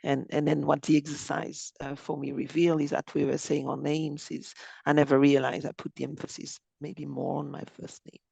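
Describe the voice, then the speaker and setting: A man speaking English as a second language in a group video call, halting, with many fillers. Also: fairly high pitch, completely flat delivery, creaky, a little mellow, slightly rough, no echo. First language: not English. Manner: halting, many fillers like "you know, kind of".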